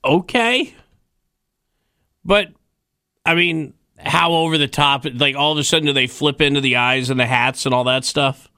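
A man's voice: a little high, moderate pace, long pauses, sharp tone, no room sound, studio quality. Wry male radio talk host. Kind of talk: casual call-in banter.

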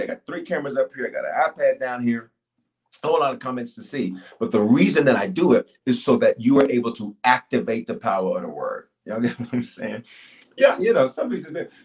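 A man pastor preaching a livestreamed sermon and prayer from a church stage, animated and call-and-response, swinging between loud exhortation and low, slow prayer. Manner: animated, call-and-response, urging the audience to answer. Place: church stage filmed by several cameras.

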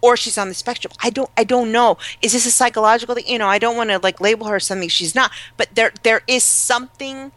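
A woman chatting casually as a podcast co-host, animated and gossipy, acting out the people she quotes. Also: fairly high pitch, quick pace, few pauses, no room sound. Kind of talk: casual chat.

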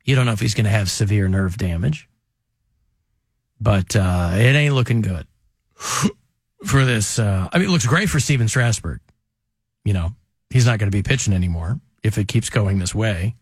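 A man's voice: on the low side, lively intonation, normal speed, pauses often, slightly rough, dry recording, clean studio sound. A man hosting a talk radio show, chatting casually with a wry, joking manner and rambling asides.

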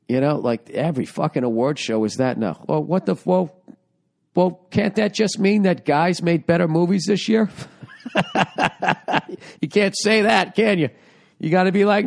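Man, hoarse from a cold, gravelly voice, profane sarcastic rambling, podcast host. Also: on the high side, normal speed, darkish tone. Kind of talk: solo comedy podcast rant.

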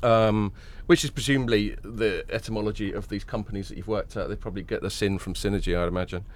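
A man's voice: on the low side, steady tone, fast talker, slight background noise. A man hosting a podcast, chatting casually with a nasal, tired voice after a late night, rambling and joking with lots of fillers and restarts. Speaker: podcast host. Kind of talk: casual chat.

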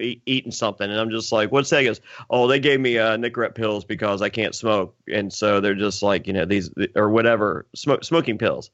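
A man's voice: medium pitch, a bit bright, no echo. A man in his thirties telling a story in casual chat, stammering, self-mocking and swearing freely. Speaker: podcast host and former reality contestant. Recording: dull lo-fi dry sound.

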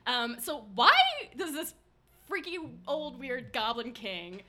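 Young woman, podcast co-host, bright and a touch high, animated film recap with frequent laughs. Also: slow pace. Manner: animated storytelling, laughing often. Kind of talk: casual chat.

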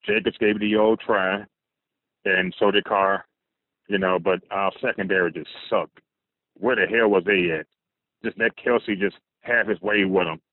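A man's voice: sits low, steady tone, moderate pace, no echo. A man calling a sports radio show, frustrated and cursing. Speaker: caller. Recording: dry tinny phone line.

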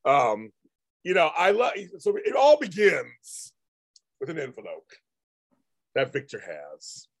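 A man's voice: fairly high pitch, huge pitch swings, slow pace, long pauses. A man hosting a casual chat show, talking animatedly and acting out characters' lines. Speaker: podcast host. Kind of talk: casual chat about a soap opera.

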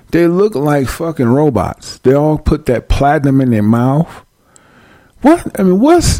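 Gravelly, profane male ranting host. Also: medium pitch, no echo. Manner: loud, profane, mocking, uses preacher-like call-outs. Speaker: show host. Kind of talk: comedic rant on a talk show.

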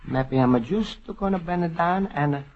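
An actor playing a gentle, sweet-natured middle-aged Italian immigrant in a 1940s radio comedy, speaking broken English with an Italian accent and pleading fussily. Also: male voice, a little high, measured pace. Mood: fussing. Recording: lo-fi old radio broadcast with audience laughter and hiss.

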